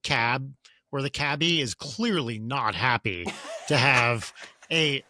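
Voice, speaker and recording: A man in his forties, a podcast guest, telling stories in a casual chat with quick asides. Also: medium pitch, a little hiss or hum. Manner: animated storyteller, quick asides.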